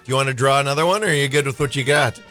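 A man's voice: mid-range voice, very fast, bright, forceful tone, soft background music. Joking man hosting a radio show. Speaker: radio host. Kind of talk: casual studio chat. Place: radio studio.

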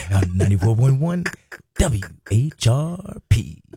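Deep-voiced playful male radio host. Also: big pitch swings, takes it slowly, dark tone. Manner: playful, putting on a deep smooth voice. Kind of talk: casual radio banter.

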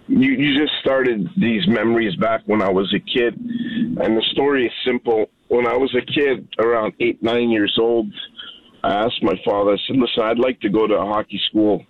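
A man's voice: medium pitch, no room sound. A man in his fifties calling in to a radio show, telling a heartfelt story with animation. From Canada. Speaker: caller. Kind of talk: phone-in storytelling. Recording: tinny phone line.

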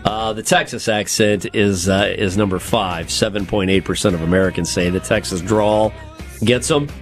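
A man's voice: on the low side, fairly even intonation, moderate pace, faint music behind. A man co-hosting a comedy podcast, reading survey results aloud and joking around. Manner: jokey, reads out survey results, breaks into silly voices and laughs. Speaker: podcast co-host. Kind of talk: casual comedic podcast chat.

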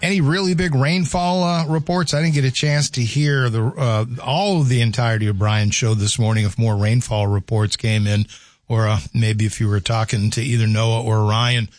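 A man's voice: medium pitch, dry recording. A man hosting a call-in radio show with a scratchy voice, talking casually and correcting himself as he rambles. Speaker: radio host. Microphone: studio microphone.

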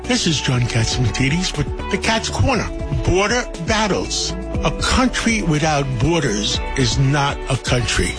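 A man's voice: a little high, sing-song, unhurried, music in the background, poor audio. A man delivering a short scripted radio commentary in blunt, punchy slogans.

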